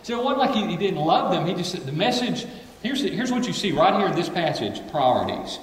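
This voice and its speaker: A man preaching a sermon to a congregation, animated, acting out the people of the story. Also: sits high, a little fast, echoey room, in a large hall, distant mic, low-quality recording. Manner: animated, acts out voices of the story characters. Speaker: pastor.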